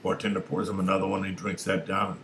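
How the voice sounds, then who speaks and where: A man casually telling a long joke, unhurried and with small restarts. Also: sits low, little pitch movement, fairly bright tone. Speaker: joke teller. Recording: echoey room with faint noise.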